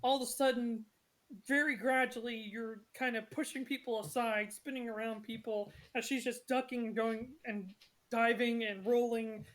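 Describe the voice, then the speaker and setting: A woman's voice: on the high side, fairly even intonation, normal speed. A woman narrating a tabletop game session as game master, chatty and apologetic with many fillers.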